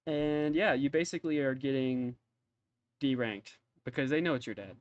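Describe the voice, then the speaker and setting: Man running a tabletop game, smooth and dry. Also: medium pitch, moderate pace, no echo, highs cut off. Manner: rambling, hesitant with many fillers. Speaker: game master.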